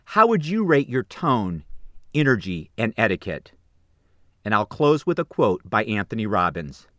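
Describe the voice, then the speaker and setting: A man giving scripted, upbeat coaching tips on phone manners in an instructive, measured delivery. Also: lowish voice, big pitch swings, fairly bright tone, dry recording, studio quality.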